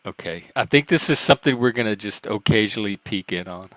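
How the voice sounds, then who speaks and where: A man's voice: fairly low pitch, lively intonation, fast talker, fairly bright tone, no echo. A man hosting a live stream in casual chat, rambling and self-mocking with frequent laughs and a light, youthful-sounding voice.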